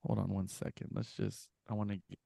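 A man's voice: fairly low pitch, a little fast, creaky, dry recording, studio quality. A man co-hosting a casual podcast, telling a story with lots of laughs and swearing, acting out what people said. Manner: animated storyteller, laughs often, swears, acts out quotes. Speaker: podcast co-host. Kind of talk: casual chat.

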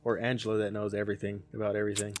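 A man co-hosting a podcast in casual chat, throwing in quick wisecracks. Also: on the low side, level tone, darkish tone, a little hiss or hum. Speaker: podcast co-host.

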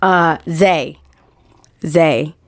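A woman who promotes music artists talks in an unhurried, drawn-out way, blunt and joking with plenty of slang. Her voice sounds dry and close, as in a studio. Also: sits low, no echo. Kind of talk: casual podcast interview.

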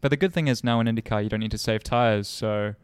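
A man's voice: lowish voice, quick pace, clear, resonant tone, no echo. A young man and racing driver co-hosting a podcast in casual, joking banter. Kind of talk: casual chat.

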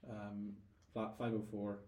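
A Northern Irish man, a guest in a casual interview, tells stories in a lowish, completely flat voice that's a little slow and a little mellow, with reverb. He's thoughtful and often repeats words while gathering his thoughts.

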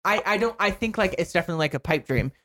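A man's voice: sits high, animated, very fast, bright, forceful tone. Young man rambling with lots of fillers. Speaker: podcast co-host. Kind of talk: casual movie news chat.

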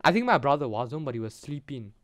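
A man's voice: medium pitch, very animated, quick pace, fairly bright tone, no room sound, clean studio sound. A young man with a South African accent, hosting a podcast and rambling through a story in casual slang over a video call. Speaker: podcast host. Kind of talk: casual chat.

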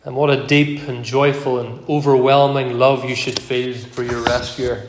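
Earnest preacher man in an echoey church. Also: medium pitch. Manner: measured, earnest, slows for quoted verses. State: occasional cough. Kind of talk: sermon.

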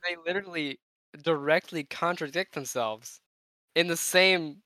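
A man co-hosts a casual movie-review podcast, mostly adding short comments and laughing along. His voice is bright and a bit sharp, pitched slightly high. The sound is dry and close. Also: measured pace, dry recording, poor audio. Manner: chimes in briefly, laughs along. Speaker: podcast co-host.

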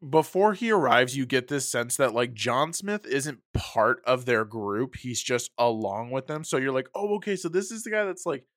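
A man co-hosting a casual movie review chat, animated and casually profane. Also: medium pitch, no echo, studio quality. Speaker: podcast co-host.

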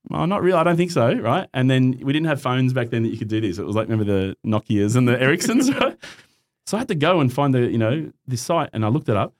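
Middle aged aussie guy telling a story fast, lively up and down voice, acts out quotes. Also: medium pitch. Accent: Australian. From Australia. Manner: animated, acts out quoted voices, laughs often. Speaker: guest. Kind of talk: casual storytelling.

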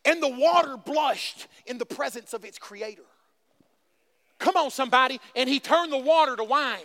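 Man, pastor, high and bright tone, fiery call-and-response sermon. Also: normal speed. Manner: calls out to the congregation, repeats phrases for emphasis. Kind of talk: energetic sermon preaching.

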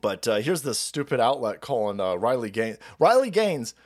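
A man's voice: medium pitch, big pitch swings, moderate pace. A man hosting a political livestream, ranting in a profane, combative and sarcastic way. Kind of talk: ranting commentary.

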